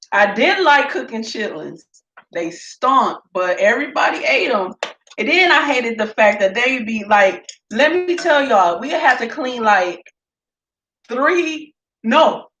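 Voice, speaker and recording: Chatty woman telling kitchen stories. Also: mid-range voice. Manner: storytelling, animated, laughs often. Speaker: home cook vlogger. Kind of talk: casual cooking vlog chat. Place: home kitchen. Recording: echoey room with faint noise.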